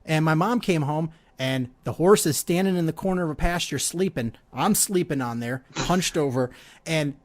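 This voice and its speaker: A man in his forties with a slightly raised pitch hosts a podcast. He tells the story casually and keeps a dry, matter-of-fact tone while his guest reacts. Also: normal speed. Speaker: podcast host.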